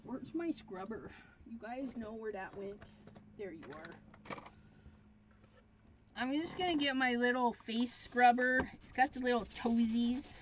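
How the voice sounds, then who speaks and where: A woman hosting a crafting tutorial, chatting casually and thinking aloud, easily excited as she works. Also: fairly high pitch, unhurried, long pauses, background noise. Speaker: craft demonstrator. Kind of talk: live crafting tutorial chat.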